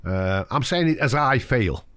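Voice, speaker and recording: A man's voice: medium pitch, expressive, measured pace, a bit bright, smooth, no echo. Frank older man telling a story. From United Kingdom. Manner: frank, anecdotal, acts out quoted voices. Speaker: podcast guest. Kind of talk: candid conversational storytelling.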